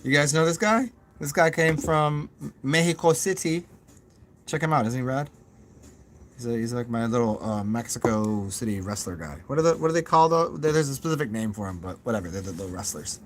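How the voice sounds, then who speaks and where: Casual male host with a mid-range voice, thinking out loud in a halting ramble with a faint hiss behind him. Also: medium pitch. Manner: musing, halting, many fillers and restarts; goofy, self-mocking asides. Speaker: channel host. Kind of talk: rambling live chat with viewers.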